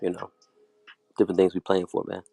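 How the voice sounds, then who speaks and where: A man's voice: sits low, completely flat delivery, a little fast, gravelly, warm tone. A man giving a loose, bragging monologue as a streamer, rambling and saying "you know" at nearly every turn. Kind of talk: boastful freewheeling monologue.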